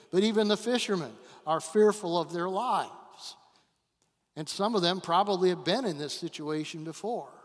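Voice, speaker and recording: Guest pastor, male, slow dramatic sermon delivery, slightly high voice, long church reverb. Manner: dramatic storytelling with long pauses and swings in volume. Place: church sanctuary.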